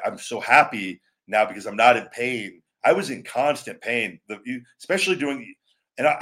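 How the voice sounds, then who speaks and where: A man's voice: mid-range voice, a bit bright. A middle-aged man hosting his own live show, chatting with viewers in a rambling way, often restarting his sentences and calling listeners brother or man, and teasing them playfully. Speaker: show host. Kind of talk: live-stream chat answering viewers.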